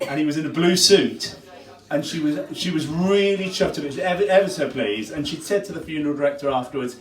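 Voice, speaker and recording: Chuckling joke-teller. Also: male voice, on the high side, brisk. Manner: chuckling at his own jokes. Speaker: comedian at a variety night. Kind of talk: stand-up joke telling. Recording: echoey room from far off.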